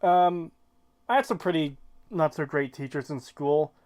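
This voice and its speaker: A man's voice: a little high, unhurried, darkish tone. A man chatting casually on a podcast, with dry, sarcastic quips. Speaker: podcast co-host. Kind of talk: casual chat.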